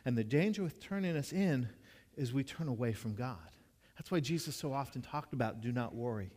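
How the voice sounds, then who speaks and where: A man's voice: medium pitch, expressive, brisk, a little mellow. A man preaching a conversational sermon as a pastor, earnest and storytelling, often restarting and repeating his words. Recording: long reverb of a large hall.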